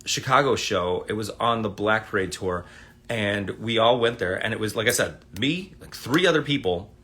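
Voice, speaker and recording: Bright-voiced man rambling through a story. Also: lowish voice, animated, moderate pace. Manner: rambling, profane, laid-back. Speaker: livestream host. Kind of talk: casual storytelling. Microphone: phone livestream.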